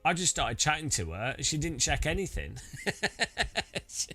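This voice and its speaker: A man's voice: fairly high pitch, sing-song, a little fast, bright, forceful tone. British guy rambling casually about sim racing gear, lots of restarts, faint music under it. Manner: rambling, many restarts and laughs. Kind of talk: casual chat while setting up gear.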